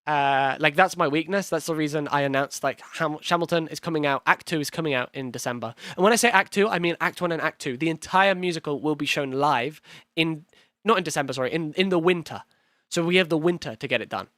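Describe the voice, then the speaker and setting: A young streamer who is also an actor in the series chats loosely through a reaction stream, rambling, swearing and laughing easily. He has a London accent close to Cockney. His voice is mid-range and fairly bright, quick in pace, on a dry recording.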